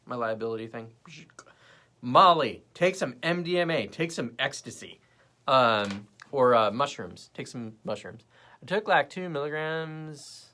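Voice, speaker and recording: Unhurried and mid-range, a young man's voice carries a casual livestream. As host, he rambles animatedly, switching between topics and talking with viewers in the comments.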